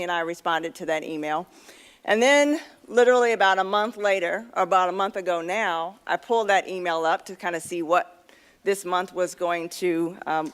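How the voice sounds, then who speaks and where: A woman's voice: mid-range voice, fairly bright tone, clear, resonant tone. A middle-aged woman speaking at a convention luncheon, telling a candid, self-deprecating personal story in a chatty way with many fillers, at a podium microphone.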